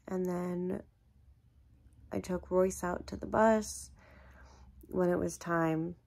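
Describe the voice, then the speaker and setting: Slow, gravelly-voiced woman chatting. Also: lowish voice, darkish tone. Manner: rambling storytelling, many fillers. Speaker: vlogger. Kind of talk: casual chat.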